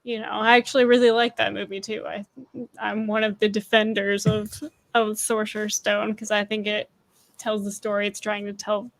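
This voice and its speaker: A woman's voice: medium pitch, little pitch movement, moderate pace, no room sound. A woman hosting a podcast panel, easygoing and casual, restarting her sentences. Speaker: podcast host.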